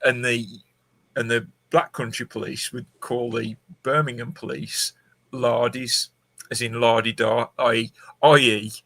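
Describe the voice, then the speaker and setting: A man chatting casually on a podcast, talking haltingly with many restarts. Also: medium pitch, level tone, a bit bright.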